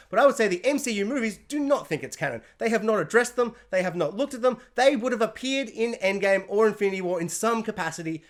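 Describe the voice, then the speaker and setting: Excitable man ranting to camera. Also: fast, hardly any pauses. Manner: excitable, emphatic, swings from loud outbursts to low mutters. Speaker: pop culture reviewer and podcast host. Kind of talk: excited spoiler review rant to camera. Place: alone in his room. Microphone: camera mic.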